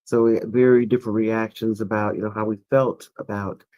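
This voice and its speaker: A man's voice: lowish voice, level tone, fairly quick, darkish tone, no echo. A man hosting a casual panel chat, rambling easily with many fillers. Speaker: podcast host.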